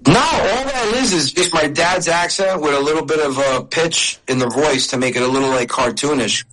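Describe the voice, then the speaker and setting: A man's voice: a little high, moderate pace, fairly bright tone, low-quality recording. A middle-aged man, a comedian, chatting in an interview in a storytelling way. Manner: storytelling, chatty with restarts and laughs. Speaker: comedian and video creator. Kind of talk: casual interview talk.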